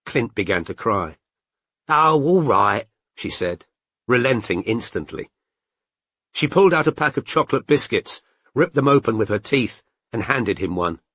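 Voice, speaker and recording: An expressive man reading an audiobook, moving between narration and character voices. His voice sits mid-range but with a lively, rolling melody. The sound is dry and close, with no room in it. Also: lowish voice, moderate pace, slightly rough, no room sound. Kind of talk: scripted narration.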